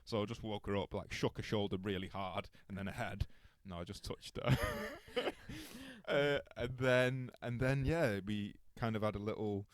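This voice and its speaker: A man hosting a podcast, telling stories in a rambling, animated way with many restarts. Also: lowish voice, normal speed, no echo. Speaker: podcast host. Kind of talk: casual interview chat.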